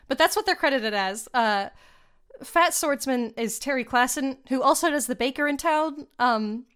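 High-voiced chatty young woman. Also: moderate pace, a bit bright, clear, resonant tone. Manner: chatty, giggly, uses slang and fillers. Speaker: podcast co-host. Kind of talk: casual chat reviewing a film.

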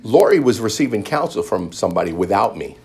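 Animated husky male preacher. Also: fast talker. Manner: animated, jumps into loud high-pitched quoted voices; joking with the congregation. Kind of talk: testimony sermon.

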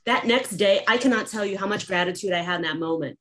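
Woman, podcast guest, animated and laughing storyteller, mid-pitched. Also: fast talker. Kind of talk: casual chat.

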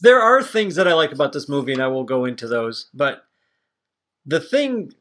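A man's voice: fairly high pitch, big pitch swings, moderate pace, fairly bright tone. A man co-hosting a podcast, chatting casually and opinionated about a movie, rambling and swearing freely. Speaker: podcast co-host. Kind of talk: casual movie review chat.

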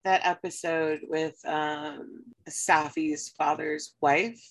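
A woman's voice: low voice, steady tone, slow, vocal fry. A woman co-hosting a podcast in casual chat, laughing often and agreeing readily. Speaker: podcast co-host.

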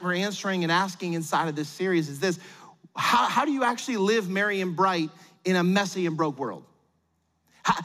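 A middle-aged man preaching a sermon as pastor, animated and acting out quotes in little voices. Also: high voice, long reverb tail.

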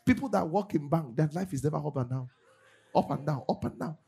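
A male pastor preaches with a lively, husky voice that jumps from loud bursts to quiet asides. His voice sits a little high for a man. Faint music plays under the sermon. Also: brisk. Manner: animated, swings from loud bursts to low asides. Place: church service.

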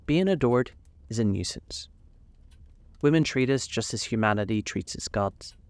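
A man voicing a languid, witty aristocratic gentleman in a storybook reading, with a drawling, amused manner. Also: mid-range voice, animated, normal speed, dry recording, lightly acted.

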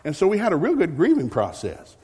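A male pastor preaching a folksy, joking sermon with animated storytelling. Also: on the high side, brisk, husky. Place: church sanctuary. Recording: long reverb of a large hall.

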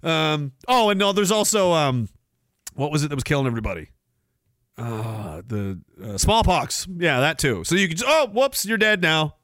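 A man's voice: a little high, very animated, moderate pace, a bit bright, no echo, clean studio sound. A man hosting a live stream podcast, ranting sarcastically and acting out quoted voices. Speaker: podcast host.

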